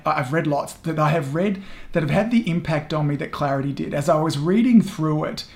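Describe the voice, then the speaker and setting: A man with a slightly higher voice hosts a podcast interview over a video call. He talks in a chatty, effusive way and laughs at himself now and then. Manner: effusive, chatty and self-deprecating. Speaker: podcast host. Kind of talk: casual interview chat. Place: home in the evening.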